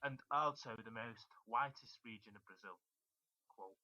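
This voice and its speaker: This Irish-raised man rambles and thinks aloud on a casual web radio chat. His voice is sharp and very bright. It comes through a dull, lo-fi stream with a dry, close sound. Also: medium pitch, moderate pace, no room sound. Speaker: talk show co-host.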